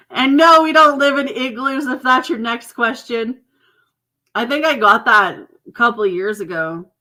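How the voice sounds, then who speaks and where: Bright-voiced Canadian woman tarot reader. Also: a little high, takes it slowly, long pauses. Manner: chatty, reassuring, laughs often. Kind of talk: live-stream tarot reading and chat.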